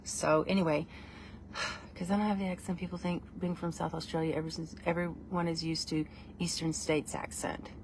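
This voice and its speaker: Woman, casual vlog chat, rambling, self-mocking, lowish voice, faint room noise. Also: flat delivery, moderate pace. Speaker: vlogger.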